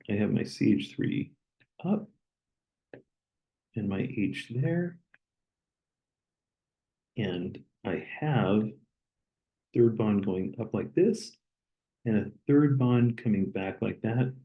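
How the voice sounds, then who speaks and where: A man lecturing, explaining step by step as he draws and pausing on an occasional "okay". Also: lowish voice, expressive, lo-fi sound. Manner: plain, step-by-step explaining with okays. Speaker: chemistry lecturer. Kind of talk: recorded lecture while drawing.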